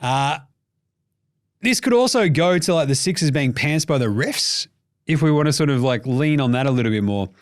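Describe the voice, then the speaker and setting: A man with an Australian accent hosting a casual sports podcast, jokey and animated, swearing freely. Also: medium pitch, normal speed. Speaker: podcast host.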